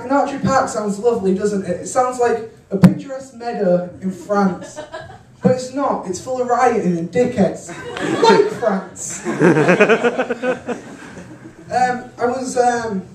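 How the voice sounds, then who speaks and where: A young man with a high voice delivers a stand-up set in deadpan one-liners, full of ums and crude punchlines. He sits well away from the mic in an echoey function room. A steady noise hangs under the live recording. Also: distant mic. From Hull, England. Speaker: stand-up comedian. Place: hotel function room comedy gig.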